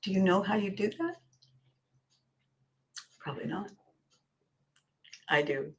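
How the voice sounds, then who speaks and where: A woman hosting a podcast, telling stories in an animated way, acting out quoted voices and dropping to quiet asides. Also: mid-range voice, takes it slowly. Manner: laughs often, drops to quiet asides. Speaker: podcast host and coach. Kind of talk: storytelling monologue.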